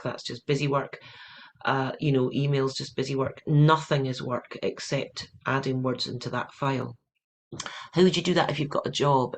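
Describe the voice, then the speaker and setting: A woman's voice: a bass voice, a little hiss or hum. A woman from Europe on a panel discussion, wry and joking, laughing as she talks over a video call. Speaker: panelist, mystery writer.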